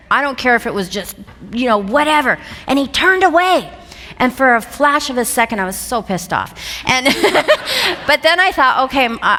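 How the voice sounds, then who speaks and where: A woman speaker telling an animated story to a live seminar audience, laughing through it. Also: mid-range voice. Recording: long hall reverb.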